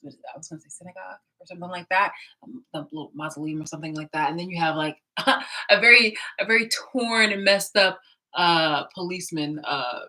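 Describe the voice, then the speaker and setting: A woman's voice: fairly low pitch, fairly quick, sharp tone. A woman vlogger in a casual, profane, exasperated reaction rant, laughing often, filmed indoors. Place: indoor room.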